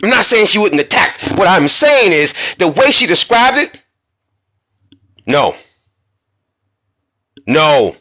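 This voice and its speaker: A man with a high, sharp, tense voice delivers an indignant commentary vlog. His pitch swings widely as he fires off rhetorical questions and repeats key words for emphasis. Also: sing-song, slow, pauses often. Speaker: commentary channel host.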